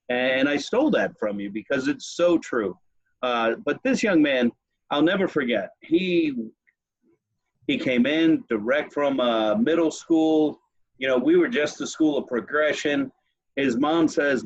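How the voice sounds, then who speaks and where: A male podcast host with a husky, breathy voice tells stories in casual, profane chat. The sound is dry and somewhat dull. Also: medium pitch, normal speed, dry recording. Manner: profane, animated storyteller.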